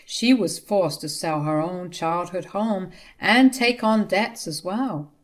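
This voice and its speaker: A woman's voice: fairly low pitch, takes it slowly. Woman narrating a family drama story. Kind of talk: first-person story narration.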